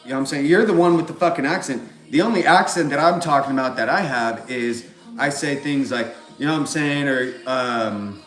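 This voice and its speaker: A man's voice: mid-range voice, a little fast, fairly bright tone, faint music behind. A man from California with a Californian accent, talking in a rambling, profane monologue that keeps circling back on filler phrases. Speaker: vlogger. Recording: roomy echo.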